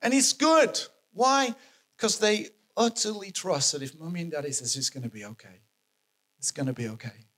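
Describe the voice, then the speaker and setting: A man preaching a sermon, animated and emphatic, repeating his key phrases for effect. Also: a little high, normal speed.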